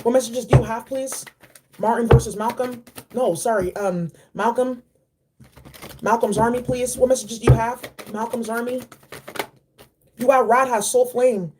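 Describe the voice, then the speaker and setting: A woman giving a casual spiritual card reading, animated and slangy, repeating key phrases. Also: a little high, normal speed, background noise. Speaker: tarot and oracle card reader.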